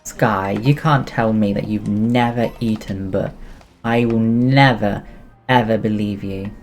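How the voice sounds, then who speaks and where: A streamer from England, chatting casually with viewers during a game stream, jokey and quick to giggle. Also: medium pitch, faint music behind. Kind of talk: casual live-stream chat.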